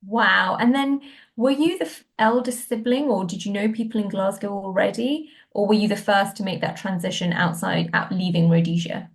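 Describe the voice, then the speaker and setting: A woman's voice: mid-range voice, moderate pace. Inquisitive woman podcast co-host. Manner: warmly impressed, inquisitive. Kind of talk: conversational interview questions.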